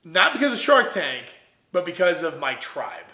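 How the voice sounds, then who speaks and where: A young man from Ohio tells his business story with a bright, fairly high voice. He talks in a casual, animated way, acting out the lines of everyone in the story. The room sounds echoey around him. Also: moderate pace. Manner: animated, quotes himself and others in lively voices. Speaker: entrepreneur guest.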